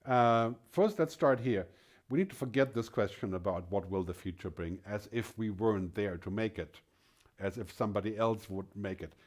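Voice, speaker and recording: Low, mellow-voiced male keynote speaker. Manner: emphatic, rhetorical questions, frequent tag "right?". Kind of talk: conference keynote speech.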